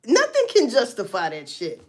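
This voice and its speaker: A woman's voice: a little high, huge pitch swings, normal speed, a little mellow. A woman doing casual livestream commentary, blunt and profane as she talks through a story. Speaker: livestream host.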